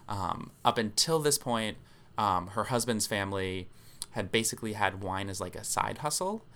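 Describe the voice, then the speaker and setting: Male podcast co-host, low gravelly voice with a crisp edge, casual storyteller, leans on filler ums. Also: lively intonation, normal speed, a bit bright. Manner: explanatory, many filler ums.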